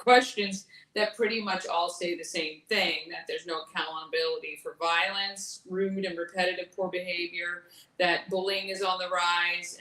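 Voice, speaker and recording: A woman's voice: fairly low pitch, bright, forceful tone. A woman moderating a forum, posing questions in a conversational, somewhat hesitant way, with ums. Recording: echoey room, voice from far off.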